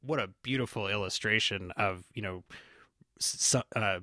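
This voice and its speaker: A man hosting a podcast in a casual, animated way, laughing often and acting out lines he quotes. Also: lowish voice, normal speed, dry recording, clean studio sound. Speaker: podcast host. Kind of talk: casual chat.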